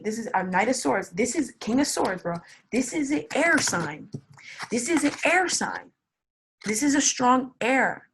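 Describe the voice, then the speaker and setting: A woman's voice: medium pitch, slightly rough. A young woman giving a casual tarot reading, blunt and swearing, repeating words for emphasis. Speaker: tarot reader.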